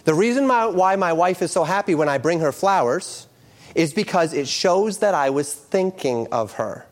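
A middle-aged male pastor preaching a sermon, moving from quoted scripture into lively storytelling. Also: fairly high pitch, normal speed.

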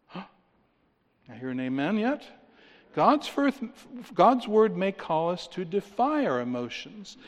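A man preaching a sermon, emphatic, reading scripture aloud and firing rhetorical questions at his listeners. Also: a little high. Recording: long reverb of a large hall.

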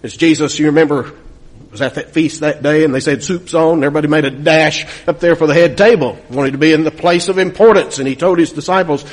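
A man's voice: a little high, fairly even intonation, fast. A man preaching a sermon from the United States, earnest and building to emphatic peaks, often repeating words as he goes.

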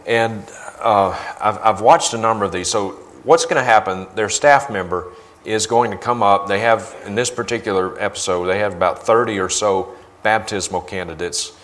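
Male guest preacher, low voice, indignant, emphatic repetition. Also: normal speed, a bit bright. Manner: indignant, emphatic, repeats phrases for force. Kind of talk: sermon with video commentary.

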